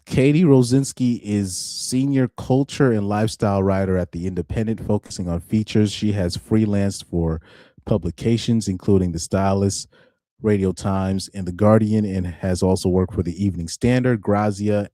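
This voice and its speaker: A man's voice: fairly low pitch, steady tone, moderate pace, mellow, dry recording, studio quality. A young man on a live stream reacting to articles, laughing often, repeating himself and restarting his sentences in casual chat.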